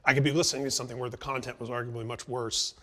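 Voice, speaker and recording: A man's voice: mid-range voice, flat delivery, racing, bright, forceful tone. Reflective middle-aged male interview host. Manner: reflective, long thoughtful turns. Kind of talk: conversational interview.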